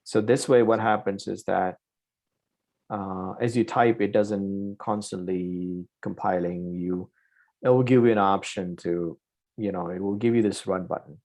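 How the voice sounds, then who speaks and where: Male coding instructor with a low, gravelly voice; talks through each step and keeps checking in with "right?". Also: steady tone, measured pace, a little mellow. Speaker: programming instructor. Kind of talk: live online coding lesson.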